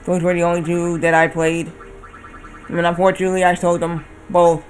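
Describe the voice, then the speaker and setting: A man's voice: high-pitched, completely flat delivery, moderate pace, faint music behind. A man in his thirties chatting casually while streaming a game, rambling and often correcting himself. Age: 30s. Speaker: livestreamer.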